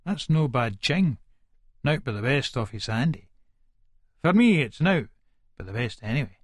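A volatile Leith man in middle age tells his own story, foul-mouthed and coarse, the menace never far away. The actor behind him uses an Edinburgh Scots accent for this full-cast audiobook, with a mid-range, very animated voice at a measured pace, recorded dry.

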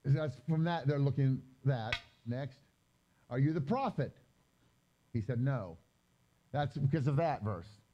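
A man giving a conversational Bible teaching with slides, reading scripture slowly and explaining it in loose, chatty asides. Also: mid-range voice, expressive, highs cut off. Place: gathering hall during a live-streamed event.

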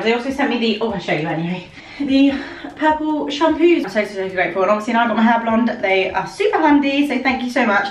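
A woman's voice: fairly high pitch, a little hiss or hum. Chatty young woman vlogging at home. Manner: chatty, self-mocking, giggly. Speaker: beauty vlogger. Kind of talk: casual vlog chat. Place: home bedroom at a mirror. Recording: echoey room.

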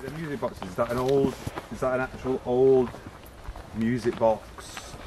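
A young man talking quietly with friends in the woods at night. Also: mid-range voice, fairly even intonation, measured pace, distant mic. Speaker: camping companion. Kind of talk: casual chat. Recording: noisy outdoor recording.

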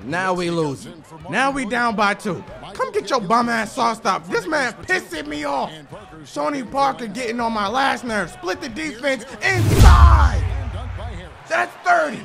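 A young man giving loud gameplay commentary, hyped and ranting, trash-talking the opponent as he plays. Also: very high-pitched, expressive, a little slow, vocal fry. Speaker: gaming YouTuber. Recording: game music playing behind.

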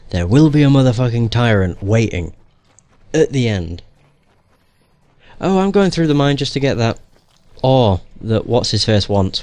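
A man's voice: medium pitch, a little mellow. A young man giving casual gameplay commentary in a joking, profane, sarcastic way.

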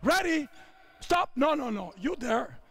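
Italian coach in his 50s, high gravelly voice, barks drill calls on a court, slow-talking. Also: big pitch swings, fairly bright tone. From Italy. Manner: barking short drill commands. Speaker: basketball coach. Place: indoor basketball court.

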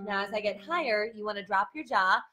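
A young woman with a medium-pitched, brisk voice gives a live singing lesson, sounding tired as she explains and demonstrates vocal exercises. Between explanations she sings and yells sample notes.

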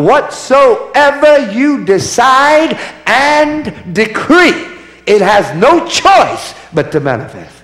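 Preaching to his congregation in call-and-response fashion, a man emphatically repeats himself and calls for replies from the crowd. His voice is high with a fairly bright tone, and the audio sounds roomy.

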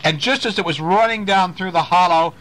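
A man reading a bedtime story aloud to a child, animated and stopping to ask questions about the pictures. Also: sits high, brisk, a little hiss or hum.

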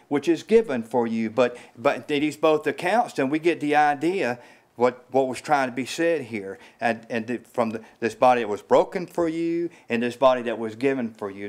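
In a small house church, a man serving as lay preacher delivers a casual sermon in a mid-range voice. His speech is halting, full of fillers and repeated words, and it climbs in pitch whenever he drives a point home.

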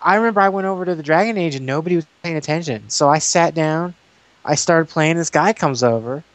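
A man and YouTuber, chatting in an interview and telling long, animated stories full of restarts. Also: a little high, fairly quick, no room sound. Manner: rambling, animated storytelling with restarts. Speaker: guest YouTuber. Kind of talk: casual interview chat.

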